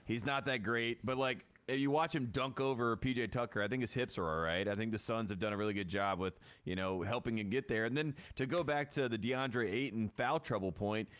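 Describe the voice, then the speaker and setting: Dude breaking down a basketball game on a podcast, chatty and loose, medium voice. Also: male voice, mid-range voice, brisk, hardly any pauses, fairly bright tone. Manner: loose, chatty analysis with fillers. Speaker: podcast co-host. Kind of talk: casual sports chat.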